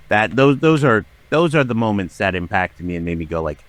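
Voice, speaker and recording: A man in his forties talks candidly as a podcast guest, his fairly low voice swinging widely in pitch as he acts out the people in his stories. The recording is close and dry, with no room sound. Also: fairly quick, few pauses, dry recording. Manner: animated storyteller who acts out quoted voices. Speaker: guest, writer and voice actor. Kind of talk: candid storytelling conversation.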